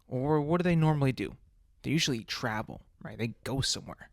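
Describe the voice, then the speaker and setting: A man's voice: mid-range voice, animated, fairly quick, gravelly, dry recording, studio quality. A man hosting a podcast, talking in a casual comedic monologue, rambling through restarts and rhetorical questions. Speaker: podcast host.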